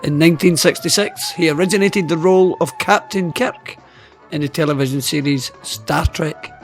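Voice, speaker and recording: A Scottish man with a fairly high voice runs a radio interview, reading a polished introduction and then easing into light banter. Faint music hums underneath him. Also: normal speed. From Scotland. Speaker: radio host.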